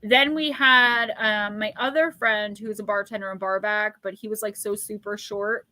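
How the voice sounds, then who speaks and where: Bright chatty woman hosting a livestream. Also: mid-range voice, steady tone, normal speed, no echo. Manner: chatty, laughs often, talks straight to viewers. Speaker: psychic livestream host. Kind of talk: casual live chat.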